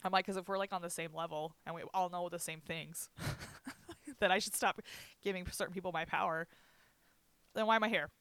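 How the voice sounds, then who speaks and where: Young adult, casual storytelling, candid, profane, frequent laughs, bright tone, dry recording. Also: mid-range voice, fairly even intonation, normal speed, smooth, dry recording. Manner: candid, swears, laughs often, quotes others with "I'm like". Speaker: guest recounting a hospital stay.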